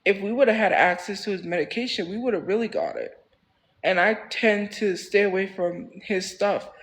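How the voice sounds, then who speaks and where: A man's voice: high voice, poor audio. A man telling a story on a casual livestream, rambling and repeating phrases for emphasis in a heated, defensive way.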